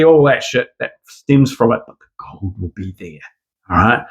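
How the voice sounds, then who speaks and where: A man's voice: medium pitch, animated, moderate pace, vocal fry. A man giving a rambling, profane opinion monologue full of sarcasm. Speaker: commentator.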